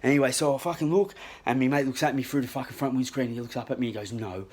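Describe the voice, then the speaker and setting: A man with an Australian accent telling a rambling, profanity-filled story into his phone in a casual, animated way. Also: mid-range voice, racing. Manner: swears constantly, rambling and animated. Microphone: handheld phone.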